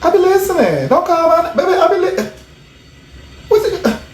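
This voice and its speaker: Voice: very high voice, sing-song, normal speed, roomy sound. A livestream host chatting casually to viewers in a sassy, emphatic way, repeating phrases for effect. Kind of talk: casual live commentary to viewers.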